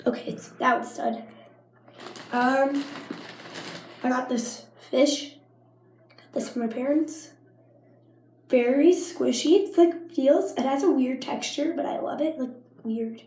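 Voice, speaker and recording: A woman's voice: high voice, takes it slowly, long pauses, darkish tone, a little hiss or hum. A teenage girl with a cold, coughing often as she chats and rambles through a casual show-and-tell vlog at home. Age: teens. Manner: chatty, rambling, with frequent coughs and likes. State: sick with a cough and sinus infection. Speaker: vlogger. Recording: echoey room.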